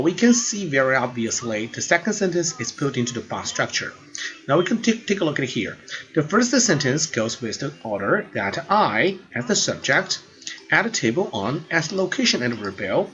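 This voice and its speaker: A language teacher explains grammar earnestly, frequently repeating words as he works through the lesson. His voice is slightly high, very lively, fairly bright, and at a normal speed. The audio is dull and lo-fi, with faint music behind him.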